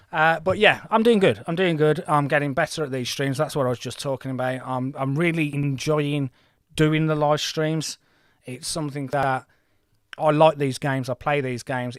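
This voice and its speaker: A man in his forties talks through a game on his livestream, chatty and rambling, often poking fun at himself. His voice sits at an ordinary middle pitch and the recording is dry and close. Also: no echo. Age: 40s. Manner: chatty, rambling, self-deprecating. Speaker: gaming livestream host. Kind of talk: casual livestream commentary.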